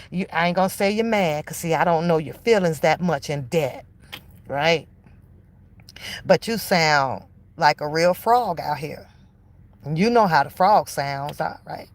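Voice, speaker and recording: A woman delivering a heated, profane reaction rant as an online commentator, mocking her target and drawing out key phrases slowly for emphasis. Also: fairly low pitch, creaky.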